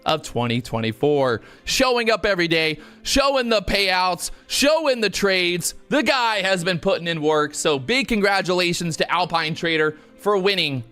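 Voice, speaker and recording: A man hosting a mock award show on his live stream, joking, excitable and swearing freely. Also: high-pitched, moderate pace, hardly any pauses, clear, resonant tone, faint music behind. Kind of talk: jokey live-stream chat, playing award announcer.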